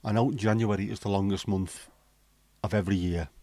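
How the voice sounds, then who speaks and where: With a fairly low, mellow voice and fairly even intonation, a middle-aged livestream host moves briskly through viewer comments, reading them out and answering bluntly with free swearing. No room sound is present.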